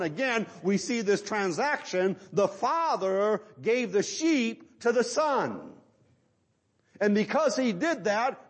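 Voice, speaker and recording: A middle-aged man preaching a sermon, emphatic and full of rhetorical questions to his listeners. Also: sits high.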